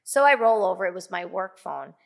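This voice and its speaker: A woman's voice: lowish voice, very animated, brisk, gravelly. A middle-aged woman telling a personal story as a podcast guest, chatty, full of fillers, acting out what she and others said. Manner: chatty, many fillers, acts out her own quotes. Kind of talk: casual storytelling.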